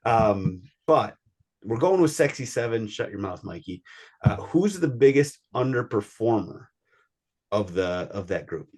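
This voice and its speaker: Lowish guy running the soccer pod, jokey and teasing, ribbing his cohosts. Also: sing-song, unhurried, a little mellow, slightly rough. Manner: joking, teasing, steers the talk. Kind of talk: casual sports chat.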